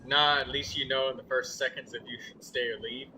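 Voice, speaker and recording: A man's voice: medium pitch, fairly even intonation, brisk, pushed and bright, slight background noise, rough recording. A man streaming a game and chatting casually with viewers, joking and rambling in loose banter. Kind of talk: casual livestream chat.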